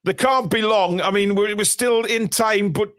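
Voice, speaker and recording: A man with a notably high voice commentates a live match for fans. He is excitable, bursting into shouts and swearing at every twist of the game. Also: normal speed. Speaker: fan channel host. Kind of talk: live football watchalong commentary.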